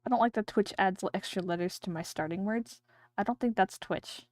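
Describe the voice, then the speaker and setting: A woman's voice: mid-range voice, fairly quick, a little mellow. A woman streamer chatting casually and rambling while she draws on a livestream. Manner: chatty, rambling, thinking aloud.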